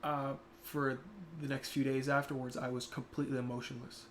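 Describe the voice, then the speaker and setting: A young man talks on his stream in a casual, reflective way. His voice turns soft and quiet when the talk gets emotional. Faint noise sits underneath, with a mid-pitched tone. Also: flat delivery, fairly quick. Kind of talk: casual chat.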